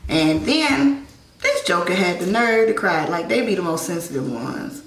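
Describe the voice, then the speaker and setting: A young woman with a low voice and a gravelly fry tells a personal story in a relaxed, chatty way, leaning on "like" and "you know". She sits a little back from the mic in a roomy, echoing space at home, with faint noise underneath. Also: normal speed. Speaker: vlogger. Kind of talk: casual storytelling.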